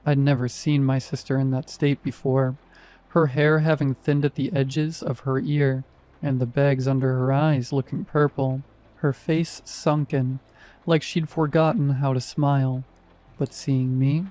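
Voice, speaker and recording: Mellow-voiced man narrating horror. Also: medium pitch.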